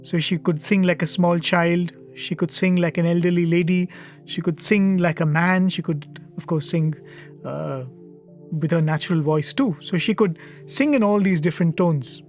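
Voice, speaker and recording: Guy with a slightly high voice telling a devotional story in a studio, earnest and thoughtful, lots of little pauses and uhs, soft music way back. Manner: earnest, reflective, with pauses and fillers. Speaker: satsang speaker. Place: media centre studio.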